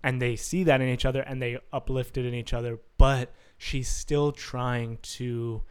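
A man co-hosting a casual film podcast at a middle pitch. He talks loosely and throws in quick agreement and the odd swear. He adds his own takes on the movie. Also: level tone, clean tone. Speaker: podcast co-host.

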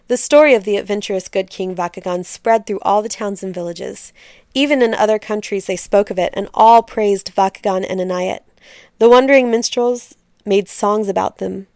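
Smooth-voiced woman reading a folk tale. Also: mid-range voice, no echo, clean studio sound. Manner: expressive, measured narration. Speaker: storyteller.

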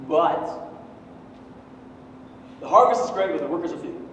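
A man in his thirties preaching a sermon, swinging from loud, emphatic peaks down to quiet joking asides. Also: a little high, fast talker, long pauses, a little hiss or hum. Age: 30s. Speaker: pastor. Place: church hall. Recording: echoey hall from far off.

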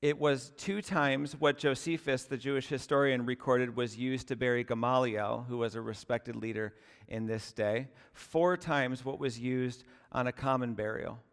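A man's voice: medium pitch, clean tone, long reverb tail. A male pastor delivering a sermon, conversational and earnest, often asking the congregation rhetorical questions.

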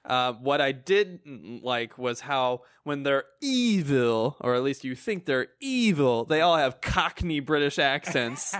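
A man's voice: mid-range voice, animated, slow pace, few pauses, fairly bright tone, dry recording. Easygoing joking man, dry sound. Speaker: podcast co-host. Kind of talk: casual movie review chat.

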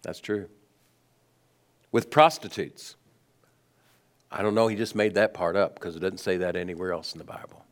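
A man preaching a sermon, asking rhetorical questions and letting his voice swing between high emphasis and low, quiet stress. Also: fairly even intonation, fast talker, few pauses. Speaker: pastor.

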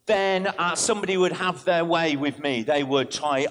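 A man, a vicar, preaching an animated sermon in church, telling stories and switching in and out of quoted voices. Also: a little high, moderate pace.

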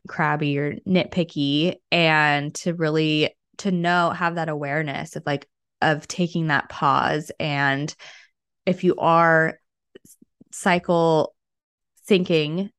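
A woman's voice: low voice, smooth, no echo. A woman hosting a podcast interview, musing thoughtfully in a casual way with frequent fillers. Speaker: podcast host.

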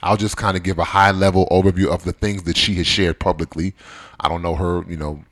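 Low-voiced man hosting a talk podcast. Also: fairly even intonation, a little fast, a bit bright. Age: around 40. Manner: conversational and digressive, joking asides. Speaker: podcast host. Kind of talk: casual discussion podcast.

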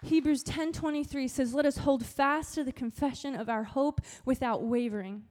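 A young woman youth pastor giving a sermon, telling a story in animated, casual slang. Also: high voice, moderate pace.

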